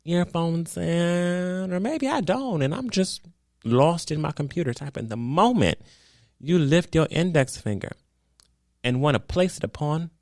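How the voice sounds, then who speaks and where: Animated, lively-voiced man co-hosting a podcast. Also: fairly high pitch, a little slow, no room sound, studio quality. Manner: animated, theatrical storytelling with acted-out reactions; blunt, swears freely. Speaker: podcast co-host. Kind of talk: casual chat.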